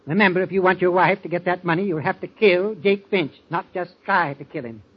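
A scheming older uncle in an old radio play, cold and controlling with a slightly high voice. The recording sounds dull and dated. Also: male voice, brisk, slightly rough. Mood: menacing. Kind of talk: 1940s radio acting.

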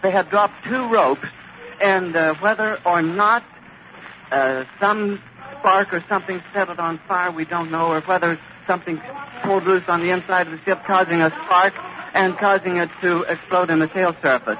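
A distraught man reports live, stammering and out of breath. His voice is strained and very high. The sound is a dull, lightly hissing archival recording from the 1930s. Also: moderate pace. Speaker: radio reporter. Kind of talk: live eyewitness commentary. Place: airfield outdoors.

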